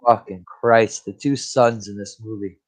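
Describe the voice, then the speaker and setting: A man's voice: lowish voice, fairly even intonation, unhurried. A man co-hosting a casual movie-review podcast, blunt and profane, laughing often as he gives his opinions. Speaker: podcast co-host.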